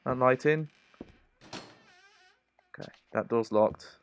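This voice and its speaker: A man's voice: medium pitch, slow, vocal fry. A man giving casual commentary while streaming a horror game, chatty and laughing often, close to the mic.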